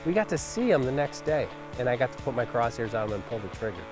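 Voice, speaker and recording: A man's voice: mid-range voice, sing-song, fast, music in the background. Enthusiastic, chatty male hunting host. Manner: enthusiastic, conversational, filler-heavy. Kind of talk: reflective interview-style commentary.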